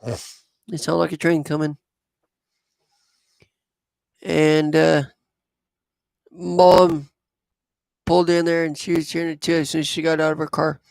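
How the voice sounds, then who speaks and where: A man, telling a personal story in a rambling, halting way. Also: on the high side, flat delivery, gravelly, a little mellow, no echo. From southwest Missouri. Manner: rambling, halting, with many fillers. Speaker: vlogger.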